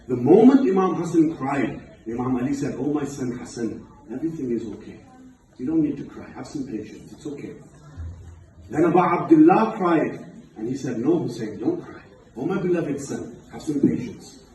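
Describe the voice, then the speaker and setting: A man delivering a mournful sermon at a religious gathering, retelling a story and rising into loud, impassioned preaching. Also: slight background noise. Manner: rises to loud impassioned pitch as he recounts. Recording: echoey hall, far from mic.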